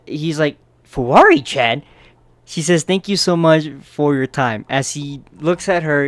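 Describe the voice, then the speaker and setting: A man's voice: fairly high pitch, no echo. A man casually narrating a manga chapter recap in a loose, chatty way, often tossing in "right?" to check in with his listeners.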